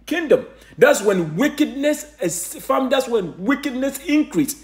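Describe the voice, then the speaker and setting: A male preacher giving a sermon, firing rhetorical questions and reading scripture aloud with frequent restarts. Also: high-pitched. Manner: asks rhetorical questions, answers himself.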